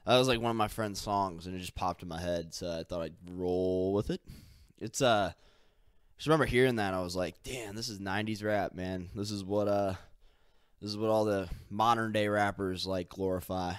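Casual low-voiced man rambling on a podcast. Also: fairly even intonation, normal speed, smooth, no echo, clean studio sound. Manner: casual, filler-heavy, swearing, mimics others. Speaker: podcast host.

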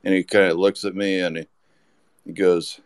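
A man's voice: low voice, little pitch movement, normal speed, clear, resonant tone, dry recording. A man telling a rambling anecdote as a podcast guest, with lots of restarts. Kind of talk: casual storytelling.

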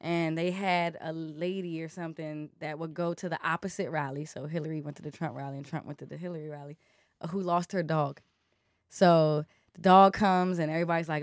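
A woman in casual conversation, expressive and slangy, swinging between loud bursts and soft asides. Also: deep voice, brisk, dry recording, clean studio sound.

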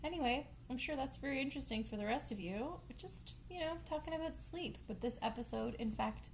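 A woman co-hosting a casual home podcast, chatty and quick to laugh, trailing off into fillers. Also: high voice, a little hiss or hum. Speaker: podcast co-host. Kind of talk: casual chat.

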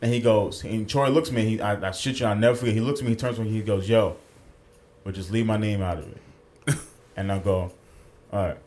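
At a studio mic, a podcast co-host tells a story in casual chat, acting out the quotes and swearing freely. His voice sits on the low side with a darkish tone, and he speaks fairly quickly with fairly even intonation.

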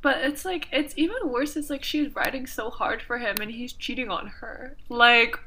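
A young woman co-hosting a podcast, reacting quietly in casual chat. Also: fairly high pitch, moderate pace, a little hiss or hum. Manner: quiet, laughing asides and reactions. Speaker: podcast co-host.

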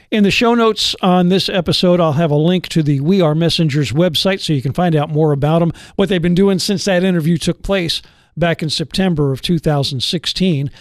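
A man's voice: on the high side, no echo, clean studio sound. A man hosting a radio podcast, interviewing a guest in a friendly, courteous way. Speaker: radio host.

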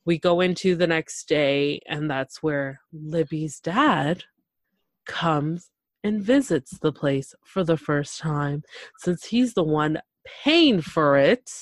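A woman hosting a casual TV recap chat, animated and gushing, acting out quotes from the show. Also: deep voice, slow, dry recording. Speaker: podcast host.

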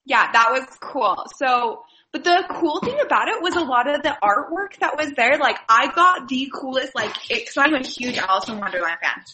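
Woman, bright tense voice, slightly high, bubbly rambling chat. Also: expressive, normal speed, few pauses, poor audio. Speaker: podcast co-host. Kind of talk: casual chat.

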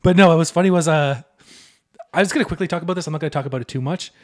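A man's voice: on the high side, very fast. Profane ranting young man. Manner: profane, animated ranting with mock voices. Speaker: podcast co-host. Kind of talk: casual chat.

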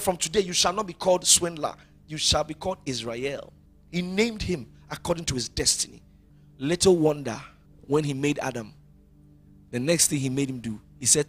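A man preaching a sermon as pastor, rising loud and then dropping to quiet. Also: a little high, slightly rough.

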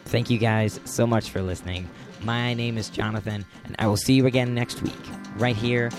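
Raspy-voiced man hosting a podcast. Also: mid-range voice, steady tone, moderate pace, music in the background. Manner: rambling, many fillers and restarts. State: raspy, sore throat. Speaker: podcast host. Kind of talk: casual podcast monologue.

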